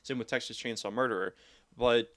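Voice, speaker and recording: A young man on a casual podcast, rambling through a story at an ordinary middle pitch. He gets animated and swears freely as he goes. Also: fairly quick. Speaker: podcast co-host. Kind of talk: casual chat.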